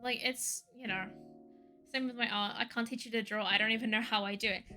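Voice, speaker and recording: Her voice runs on the high side with fairly even intonation, a little fast and pushed-bright, as she streams from home. She rambles and rants in casual chat, leaning heavily on "like". Soft music plays behind her.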